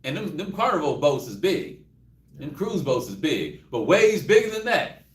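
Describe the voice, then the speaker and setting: A man with a Texan accent teaching a Bible class in an animated, joking way, acting out scenes as he goes. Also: a little high, normal speed. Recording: roomy, distant mic.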